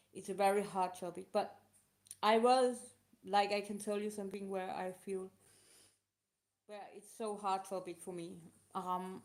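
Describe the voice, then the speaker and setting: Emotional woman answering questions, halting. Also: mid-range voice, darkish tone. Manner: halting, emotional, non-native phrasing. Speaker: live show host. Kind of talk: casual live talk answering questions.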